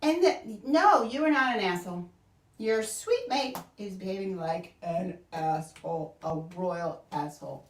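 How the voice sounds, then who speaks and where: A woman's voice: mid-range voice, expressive, unhurried. A middle-aged woman co-hosting a casual stream chat, laughing often and trailing off mid-thought. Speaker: co-host. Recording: roomy echo, distant from the mic.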